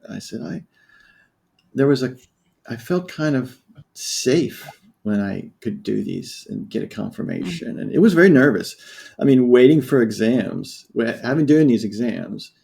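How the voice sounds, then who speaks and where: A man from the United States in his fifties, speaking as a podcast guest. His voice is gravelly and dark-toned. He tells his story candidly and reflectively, often breaking off and restarting his sentences. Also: mid-range voice. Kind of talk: personal storytelling in a podcast interview.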